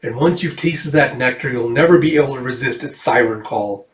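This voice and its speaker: A man's voice: medium pitch, brisk, natural voice. A man doing a gloating villainous baron. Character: cruel aristocratic male baron villain, gloating. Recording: echoey room, far from mic.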